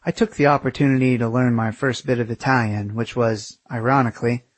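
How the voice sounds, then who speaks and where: A man's voice: medium pitch, steady tone, brisk, few pauses, husky, no echo. A young man narrating his own travel memoir aloud in a sardonic, self-mocking and profane way.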